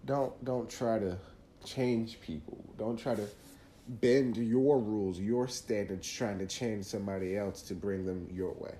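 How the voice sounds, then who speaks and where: A man's voice: fairly low pitch, fairly even intonation, a little slow, mellow, echoey room, a little hiss or hum. A man hosting a podcast, talking earnestly through faith advice in a casual monologue, often restarting phrases. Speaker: podcast host.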